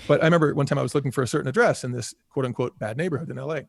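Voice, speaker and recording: A man's voice: medium pitch, rapid-fire, vocal fry, no echo, studio quality. A man from the United States, a podcast guest and former restaurant executive, talking casually with many "you know" fillers and acting out quotes. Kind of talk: casual conversational interview.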